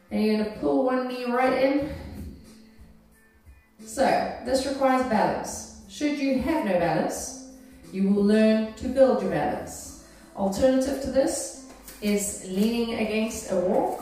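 Heard from a distance in a very echoey room with faint music, a woman fitness instructor calls out each move, encouraging and checking in with her class. Her voice is on the high side with a darkish tone.

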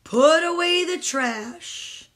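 A woman reading aloud voices a dreamy, spaced-out male duck in a storybook, talking slow and drawn out. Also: extremely high pitch, expressive, fairly bright tone, full character voice.

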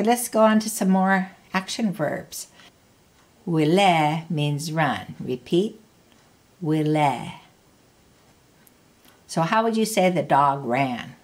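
A woman teaching a language lesson, patiently prompting the listener to repeat words and asking how to say phrases. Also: low-pitched. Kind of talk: slow spoken language lesson.

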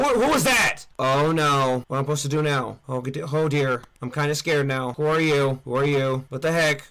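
Young male gamer, high, lively and bright, shouts and trash-talks through horror game commentary. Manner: excitable, yelling at the screen, trash-talking. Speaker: gaming YouTuber. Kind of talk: let's play commentary.

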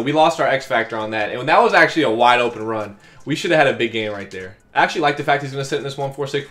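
A man giving live commentary over his own football video game, talking strategy to viewers and yelling at big plays. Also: mid-range voice. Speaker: gaming YouTuber.

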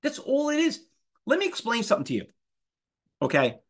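Man, 50s, higher-pitched instructor; animated lecturer who throws rhetorical questions at the room. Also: fairly quick. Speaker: trading instructor. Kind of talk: live class lecture.

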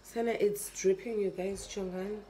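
A woman's voice: medium pitch, steady tone, moderate pace, dark tone, slight background noise. A young South African woman vlogging in a casual, chatty way, complaining in an exasperated tone and talking straight to her viewers. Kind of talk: casual vlog chat to camera. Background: background music.

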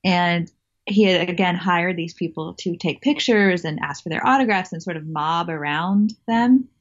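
A woman's voice: lowish voice, moderate pace, muffled recording. A woman guest telling a story in a casual interview, chatty, laughing often and restarting her sentences.

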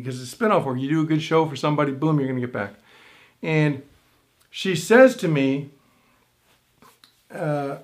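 A middle-aged man tells a story with lots of energy and acts out what he was thinking as he goes. His voice sits a bit high for a man. It swings up sharply when he gets excited. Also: normal speed. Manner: animated storytelling with big pitch swings and quoted inner thoughts. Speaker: stage hypnotist and instructor. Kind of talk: storytelling to camera.

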